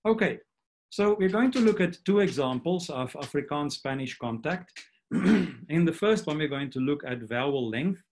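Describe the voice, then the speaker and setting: A man's voice: a little high, animated, moderate pace, darkish tone, slight background noise. A man giving an academic linguistics talk online, explaining steadily and now and then restarting a phrase. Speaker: linguistics lecturer. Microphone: computer mic on video call.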